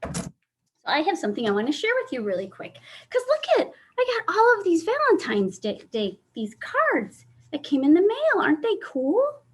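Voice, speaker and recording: Lively, high-pitched woman reading to kids. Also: moderate pace. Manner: animated, asks children questions. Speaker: children's story time host. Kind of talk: reading a picture book aloud to children. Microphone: video call.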